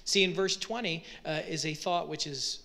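A man's voice: fairly high pitch, moderate pace, vocal fry, sharp tone. A man preaching a sermon, explaining Bible verses in a conversational way with frequent rhetorical questions. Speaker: pastor.

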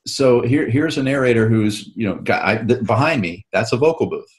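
A man's voice: mid-range voice, lively intonation, brisk. A man, an author and show host, talking casually in an interview and explaining at length with frequent restarts.

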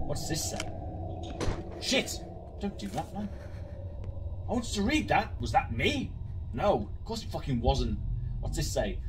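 A man's voice: mid-range voice, very animated, a little fast, far from the mic, faint music behind. A man commentating a horror game, swearing a lot, jumpy and sarcastic. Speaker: gaming YouTuber.

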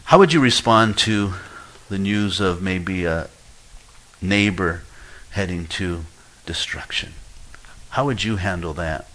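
Low-voiced pastor preaching a sermon. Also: male voice, slow, pauses often, a bit bright, rough recording. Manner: pleading, rises in pitch and volume when acting out prayers; conversational, with fillers and restarts. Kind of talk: expository sermon.

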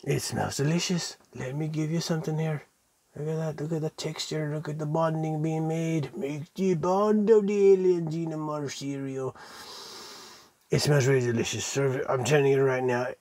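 A gravelly-voiced man hosts a theatrical unboxing vlog, hamming it up like a showman working a crowd. His pitch sits a little high for a man, and he now and then drops into playful mock-pirate phrasing. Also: steady tone, normal speed, no room sound. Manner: showman-like, addressing the audience as ladies and gentlemen. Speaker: toy and cereal reviewer.

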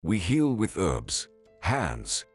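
A man voicing a calm persuasive commune healer woman. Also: low voice, drawn-out words, slightly rough, no room sound, soft background music, exaggerated voice.

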